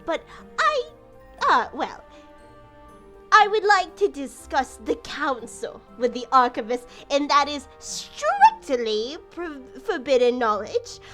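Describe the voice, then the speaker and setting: A woman's voice: high voice, wildly swooping pitch, takes it slowly, a bit bright, faint music behind, voice pushed up, exaggerated voice. A woman voicing a self-important male council member who projects his voice pompously.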